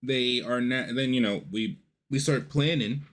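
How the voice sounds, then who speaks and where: A man's voice: medium pitch, a little slow, a bit bright. A man casually reviewing a show, rambling with lots of fillers and the odd curse.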